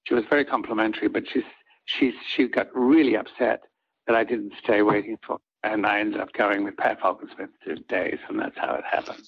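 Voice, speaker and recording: An older man with a husky voice, a soap opera actor telling rambling anecdotes in an interview and acting out what others said. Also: lowish voice, steady tone, brisk, muffled recording. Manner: rambling, acts out quoted lines of others.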